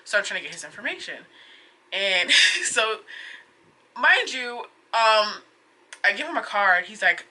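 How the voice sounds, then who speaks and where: A woman's voice: medium pitch, measured pace, pauses often. A young woman vlogger recounting a frustrating run-in in a casual, exasperated way, full of "like"s. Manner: exasperated, animated retelling with many "like"s. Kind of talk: casual storytelling vlog.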